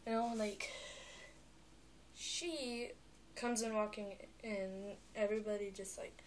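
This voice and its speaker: A young girl talking on a vlog, chatty and animated, with lots of filler words. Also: medium pitch, takes it slowly, a little hiss or hum. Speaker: vlogger. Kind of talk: rambling vlog monologue.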